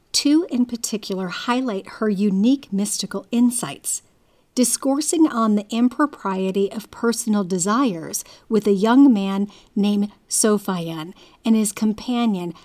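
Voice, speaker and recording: A woman giving a scripted narration, reading in a measured, deliberate way. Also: medium pitch, a little mellow.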